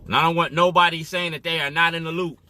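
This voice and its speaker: An activist from the Waukegan area of Illinois talks directly to the camera in a forceful monologue, repeatedly asking "you feel me?" His voice is slightly high and fairly flat in pitch, and he speaks quickly with a sharp edge.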